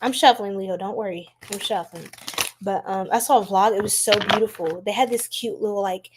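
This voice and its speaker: A woman from the United States hosting a casual live-stream tarot reading, chatty and animated, laughing often and talking to her viewers. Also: mid-range voice, brisk, very noisy.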